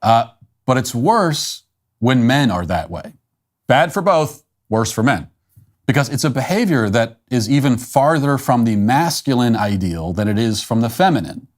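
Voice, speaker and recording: A man hosting a commentary show, delivering a measured, emphatic opinion monologue and slowing down to stress his points. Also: medium pitch, expressive. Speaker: political commentary show host.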